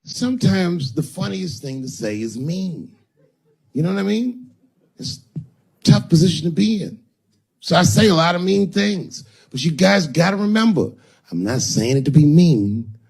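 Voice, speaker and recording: A man's voice: fairly high pitch, animated, normal speed, vocal fry, darkish tone. A man telling stand-up stories conversationally, acting out the people he meets. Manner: conversational storytelling with acted-out voices. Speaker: stand-up comedian. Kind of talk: stand-up storytelling. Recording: reverberant venue with audience noise.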